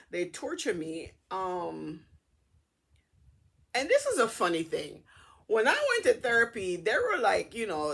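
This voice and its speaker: A middle-aged woman casually telling a personal story to her camera in a chatty, animated way. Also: lowish voice, breathy edge. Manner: chatty, animated retelling with acted-out dialogue. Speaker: vlogger.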